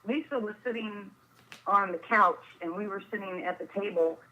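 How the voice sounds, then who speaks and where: A woman's voice: medium pitch, moderate pace, pushed and bright, a little hiss or hum, low-quality recording. A woman chatting casually with a friend, teasing her and laughing often. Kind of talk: casual chat.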